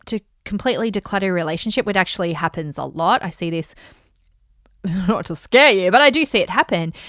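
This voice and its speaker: A woman hosting a casual talk on money mindset, chatty and animated, acting out bits of dialogue. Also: medium pitch, clean tone, no echo, studio quality. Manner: chatty and animated, acts out dialogue in bright voices. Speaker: host and money mindset coach. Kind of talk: casual teaching monologue.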